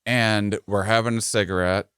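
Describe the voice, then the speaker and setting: A man's voice: lowish voice, steady tone, normal speed, fairly bright tone, clean tone, no room sound, clean studio sound. A man in his thirties, a podcast co-host, telling a rambling comic story full of restarts and breaking into laughter at the punchlines. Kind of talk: comedic storytelling.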